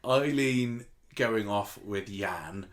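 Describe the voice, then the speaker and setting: A man's voice: on the low side, drawn-out words. A man co-hosting a podcast, thinking aloud in casual chat with frequent restarts. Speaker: podcast co-host.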